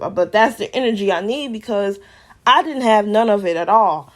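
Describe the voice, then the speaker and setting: A woman's voice: medium pitch, brisk. A woman vlogger giving an emotional personal testimony in candid, casual slang.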